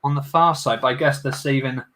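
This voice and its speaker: A man's voice: medium pitch, fairly even intonation, fairly quick, noisy background. A man hosting a casual livestream, chatting and joking with viewers as he builds. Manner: jokey, chatty, talks to viewers. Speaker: livestream host.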